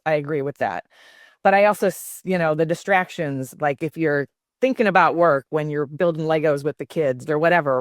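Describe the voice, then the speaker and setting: An older woman, a grandmother, telling family stories as an interview guest, thoughtful and halting with many fillers. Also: sits low, no room sound, clean studio sound. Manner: warm reflective storytelling with many fillers. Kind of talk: casual interview talk.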